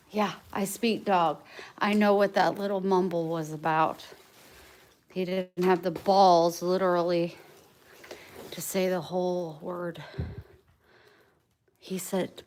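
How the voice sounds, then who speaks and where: A middle-aged woman vlogging casually, chatting and loudly scolding her dog. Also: on the low side, takes it slowly, pauses often, slight background noise. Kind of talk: casual vlog talking to her pets.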